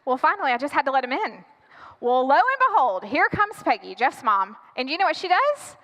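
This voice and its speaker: A woman pastor telling a dramatic personal story in a sermon, acting out her own panic with lively animation. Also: high voice, a little fast, long reverb tail. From United States.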